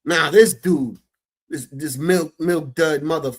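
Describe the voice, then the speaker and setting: A man rants in casual reaction commentary, profane and incredulous, sounding thoroughly exasperated. His voice sits a little higher than most men's. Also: slow, slightly rough.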